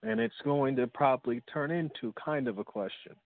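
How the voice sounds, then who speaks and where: A man's voice: mid-range voice, big pitch swings, moderate pace, vocal fry, dry recording. A man calling in to a phone sermon, polite and tentative, working his comment out as he talks. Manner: polite, tentative, thinking aloud. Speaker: caller. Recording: dry, tinny phone line.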